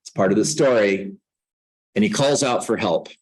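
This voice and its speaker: Joking, low-voiced middle-aged man teaching. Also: normal speed, rough recording. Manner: joking, conversational, self-mocking asides. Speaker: real estate coach. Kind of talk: teaching a class on a book.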